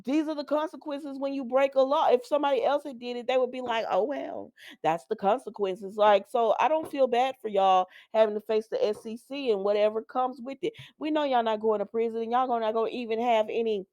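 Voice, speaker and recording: A woman talks through a soap opera episode with colloquial, opinionated asides and frequent laughter. Her voice sits a little high. The sound is dry and close, with no room echo. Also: brisk, hardly any pauses, darkish tone. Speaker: soap opera recap host. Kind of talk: casual chatty recap.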